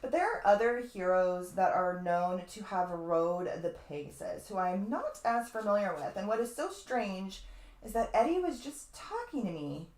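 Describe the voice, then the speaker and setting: A woman's voice: medium pitch, a little mellow. Chatty woman astrologer in an echoey room. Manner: chatty, digressive, fond of asides and mild swearing. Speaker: astrologer teaching a webinar. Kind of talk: casual spoken lecture.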